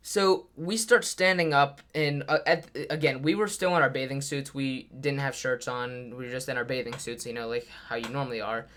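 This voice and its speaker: A man's voice: medium pitch, fairly even intonation, moderate pace, few pauses, a bit bright. A teenage boy telling a story in a casual, rambling way, full of fillers. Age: teens. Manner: rambling, filler-heavy retelling. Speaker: YouTuber.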